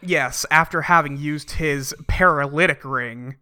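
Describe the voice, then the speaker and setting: A man co-hosting a podcast in casual comedic chat, recapping with wry deadpan jokes. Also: a little high, measured pace, no room sound, studio quality. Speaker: podcast co-host.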